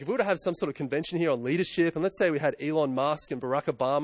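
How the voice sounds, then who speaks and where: A man's voice: fairly high pitch, no echo, clean studio sound. A man in his thirties, a pastor preaching a conversational sermon full of rhetorical questions and self-corrections.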